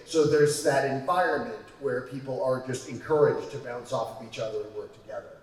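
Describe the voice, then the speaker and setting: A man's voice: medium pitch, fairly quick, hardly any pauses. A man on a panel speaks hesitantly, leaning on many fillers. His voice reaches the mic from a distance and is washed in heavy echo, with the long reverb of a large hall. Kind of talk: convention panel talk. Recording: very echoey hall from far off.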